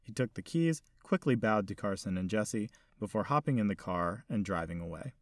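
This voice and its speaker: A man reading a story aloud in a measured, steady storytelling manner. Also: lowish voice, no echo, clean studio sound. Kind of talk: scripted narration.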